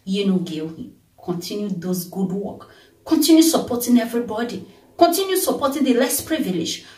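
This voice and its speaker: A Nigerian woman vlogger, tired, talking in an animated way and breaking into song and blessings. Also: medium pitch, normal speed, far from the mic. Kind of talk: casual birthday tribute vlog with singing. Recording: roomy sound from off the mic.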